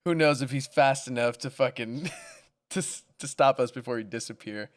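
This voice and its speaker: A man's voice: medium pitch, moderate pace. A man co-hosting a casual podcast chat, laughing often and swearing casually. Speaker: podcast co-host.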